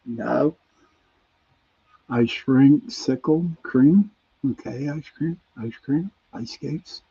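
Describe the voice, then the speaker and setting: A man with a Pittsburgh accent hosts a relaxed radio chat, reading listener messages aloud at an unhurried pace. His voice is gravelly and mellow, slightly husky, and it comes through with a dull, lo-fi sound. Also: mid-range voice. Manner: reads out listener messages, chuckling, easygoing. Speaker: radio show host. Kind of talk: casual call-in chat reading listener answers.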